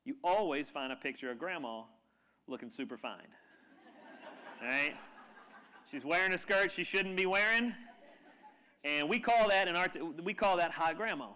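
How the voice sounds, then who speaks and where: A man giving a humorous, animated storytelling talk to a live audience in a lecture room. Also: a little high, moderate pace, pauses often, smooth. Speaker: keynote speaker.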